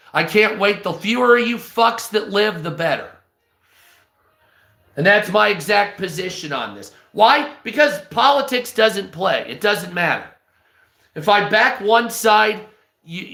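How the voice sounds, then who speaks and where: A man's voice: high-pitched, vocal fry, pushed and bright, echoey room. Foul-mouthed hostile man ranting over news. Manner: profane, hostile and sarcastic. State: stoned. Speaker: live stream news host. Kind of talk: reading news aloud with ranting commentary.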